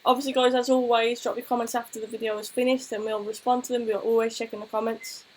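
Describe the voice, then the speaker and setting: A woman co-hosts a casual football chat stream, talking fast in a fairly high, darkish voice with little pitch movement. She's chatty, thanks viewers, and tells anecdotes, though the recording quality is low.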